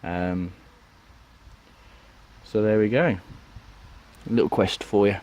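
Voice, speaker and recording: A man's voice: lowish voice, slow, a little mellow. A man giving a rambling, chatty tour of his allotment outdoors, full of ums and asides. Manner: rambling, chatty, lots of ums and "you know what I mean". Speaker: allotment vlogger. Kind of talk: casual walk-and-talk vlog.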